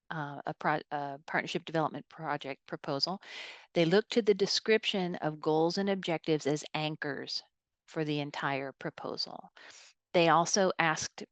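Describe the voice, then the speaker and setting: A woman program officer giving a webinar presentation, speaking in a measured, thoughtful way with frequent fillers. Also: deep voice, no room sound.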